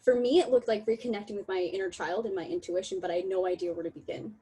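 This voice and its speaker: A young woman giving a candid, emotional online talk over a video call, laughing often and apologizing in quick asides. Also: mid-range voice, steady tone, dark tone, husky, rough recording. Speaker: talk presenter.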